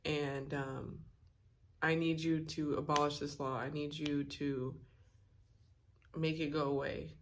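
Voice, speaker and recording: A woman's voice: deep voice, little pitch movement, slow pace, pauses often, slight background noise. Woman doing a brave, pleading young queen. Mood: urgent. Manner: earnest, pleading.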